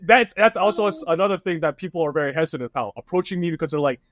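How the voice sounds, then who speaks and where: A man's voice: a little high, very fast, no room sound. Guy guesting on a podcast, bouncy storytelling, does the voices, dry close sound. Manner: animated storytelling with voiced quotes. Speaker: guest, online creator. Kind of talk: casual podcast chat.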